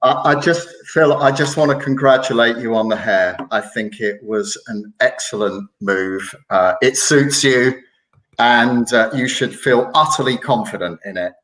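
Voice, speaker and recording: A man's voice: medium pitch, measured pace, fairly bright tone, reverberant, rough recording. A man calling in as a guest on a radio show, courteous and friendly, sharing a personal anecdote. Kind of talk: casual radio chat.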